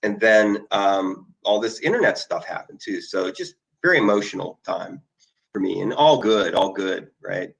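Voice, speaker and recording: Middle-aged male host, gravelly, rambling and eager, casual screen-share chat. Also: fairly low pitch, animated, moderate pace, rough recording. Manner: rambling, emotional, plugs things eagerly. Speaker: online marketing video host. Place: indoor conference room.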